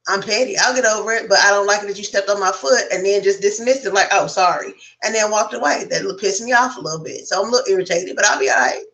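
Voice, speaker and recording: A woman's voice: mid-range voice, fast, few pauses, a bit bright, poor audio. A woman speaking as a guest on a casual round-table chat, frank and reflective, talking at length.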